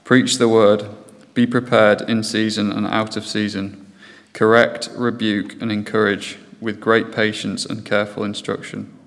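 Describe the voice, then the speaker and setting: A man reads scripture in a steady, measured way, his low voice gravelly and very flat. The reading echoes with the long reverb of a large hall. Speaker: scripture reader.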